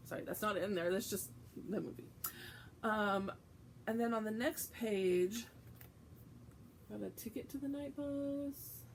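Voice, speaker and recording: A woman's voice: mid-range voice, measured pace, long pauses, a little hiss or hum, low-quality recording. A woman hosting a casual vlog, reading aloud from a book and chatting, with frequent fillers and self-corrections. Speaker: host.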